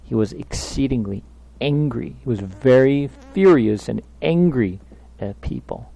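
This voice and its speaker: A man's voice: mid-range voice, lively intonation, measured pace, vocal fry, dark tone. A man leading a Bible study, speaking emphatically and asking his listeners questions.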